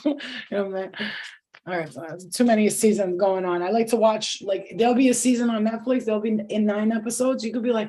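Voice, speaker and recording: Speaking fairly quickly in a warm, mid-range voice with fairly even intonation, a middle-aged woman hosts a live spiritual reading as a tarot reader. Her talk is casual, with swearing, restarted sentences and frequent laughter.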